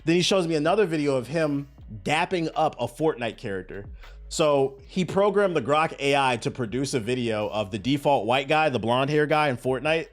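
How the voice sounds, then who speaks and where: A man hosting a casual gaming news show, telling stories in a profane, animated way. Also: mid-range voice, normal speed, faint music behind.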